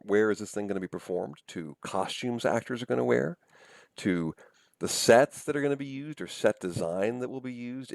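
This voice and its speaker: A professor giving a recorded lecture in a conversational way, thinking aloud and often checking in with "right?". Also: male voice, lowish voice, gravelly, darkish tone, no echo, clean studio sound.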